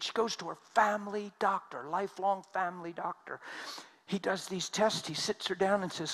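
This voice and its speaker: A man preaching a sermon, telling stories with emphasis and swinging from loud outbursts to hushed tones. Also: high-pitched, normal speed. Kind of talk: sermon storytelling.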